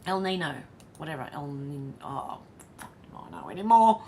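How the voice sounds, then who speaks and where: A woman's voice: deep voice, huge pitch swings, moderate pace, dark tone, slight background noise. An Australian woman hosting a casual live stream, reading viewer comments aloud, chatty and blunt, laughing often and swearing.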